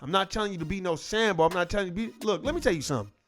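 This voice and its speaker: A man's voice: high-pitched, lively intonation, very fast, fairly bright tone. A man giving casual opinion commentary, emphatic, profane and repetitive. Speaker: online commentator.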